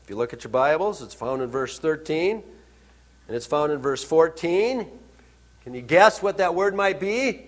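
A man delivering a sermon in a somewhat high voice. He repeats key words, poses questions to his congregation, and moves between hushed, low asides and loud, driving lines. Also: lively intonation, normal speed. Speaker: pastor. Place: church service.

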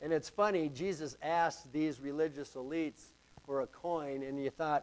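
A man preaching a sermon to a congregation, slow and emphatic, with dramatic rises in pitch and volume. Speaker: pastor.

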